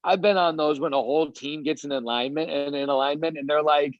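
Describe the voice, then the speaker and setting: Guy coaching his team on a video call, kinda high voice, rambly and fired up, dull dry audio. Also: fairly even intonation, a little fast, no room sound. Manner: eager, rambling, many fillers.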